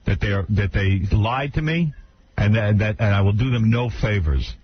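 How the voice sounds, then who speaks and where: A man hosting a radio talk show, bantering casually and telling stories in an animated way, acting out the lines he quotes. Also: on the low side, moderate pace, slightly rough, lo-fi sound.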